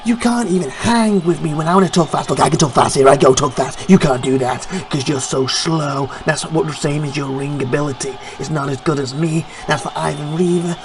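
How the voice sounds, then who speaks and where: A man's voice: on the high side, brisk, few pauses, background noise, close to an everyday voice. A man voicing an arrogant male wrestling champion who brags in rhymes and mocks his rivals. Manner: brash, rhyming boasts, mocking.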